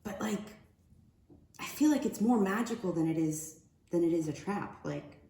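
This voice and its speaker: A woman's voice: fairly low pitch, lively intonation, normal speed, warm tone. A woman giving a casual oracle card reading. She talks in a loose, rambling, slangy way. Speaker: spiritual card reader. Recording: echoey room with faint ambient noise.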